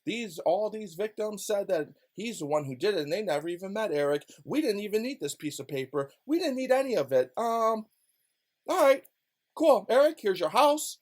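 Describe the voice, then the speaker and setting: In a lowered, hushed register, a man voices a smug corrupt official offering a sarcastic apology. The pitch swings widely even in this muted put-on. The tone stays mocking and insincere throughout. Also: normal speed. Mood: mock apologetic. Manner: low, quiet, mocking.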